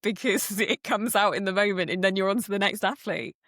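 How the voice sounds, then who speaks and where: A woman's voice: mid-range voice, animated, fast talker, hardly any pauses, a bit bright, no echo, studio quality. A woman hosting a podcast, chatting and encouraging her guest, laughing often. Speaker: podcast host. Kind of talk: conversational interview.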